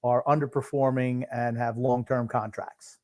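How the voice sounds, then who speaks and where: A man co-hosting a sports podcast and reacting to a live game in casual chat, dry and gruff, with long pauses between thoughts. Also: medium pitch, little pitch movement, a little mellow. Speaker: podcast co-host. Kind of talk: casual sports commentary while watching a game.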